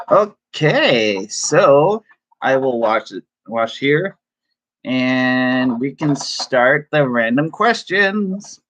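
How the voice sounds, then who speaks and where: A man chatting casually on a live stream from his room, excitable and chatty, laughing often. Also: mid-range voice, drawn-out words. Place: home room.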